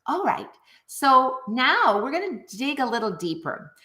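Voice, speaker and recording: A middle-aged woman teaching music in an online video, her voice bright and ringing. She talks straight to the viewers, upbeat and animated, her pitch swooping up and down. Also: measured pace. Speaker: music teacher and program founder.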